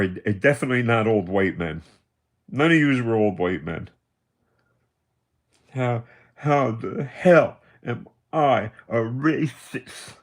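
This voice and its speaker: A man's voice: mid-range voice, a bit bright. A man in his seventies ranting on a livestream, taunting and accusing, repeating himself as he goes. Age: 70s. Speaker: livestream host. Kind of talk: confrontational livestream rant.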